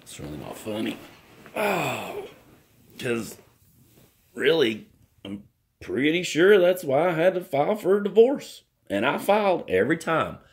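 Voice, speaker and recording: Slow-talking rambling man with swooping pitch. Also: very animated. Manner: folksy, rambling, self-mocking, drawling country slang. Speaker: vlogger. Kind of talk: rambling casual monologue to camera.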